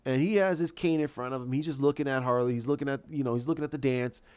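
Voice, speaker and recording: A man's voice: mid-range voice, fast talker, a little mellow, smooth. A man giving his casual opinions, rambling with frequent restarts and acting out quotes. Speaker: video host giving opinions. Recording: dull lo-fi recording.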